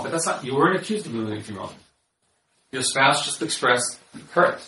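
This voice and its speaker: A man's voice: on the high side, expressive, a little fast, sharp tone. A man counseling on marriage in a conversational lecture, often repeating words as he restarts and acting out bits of example dialogue. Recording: echoey room, mic at a distance.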